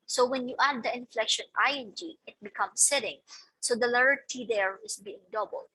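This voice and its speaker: Bright, husky-voiced woman teaching. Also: fairly high pitch, moderate pace, low-quality recording. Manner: methodical, repeats "okay" and "so" between points. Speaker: teacher presenting a lesson. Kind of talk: explaining slides in a recorded lecture.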